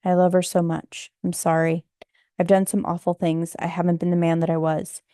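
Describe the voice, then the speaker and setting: A woman narrator voicing a distraught, guilty husband who pleads slowly in a memoir audiobook. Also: lowish voice, flat delivery, warm tone, no room sound, clean studio sound, close to an everyday voice. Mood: pleading.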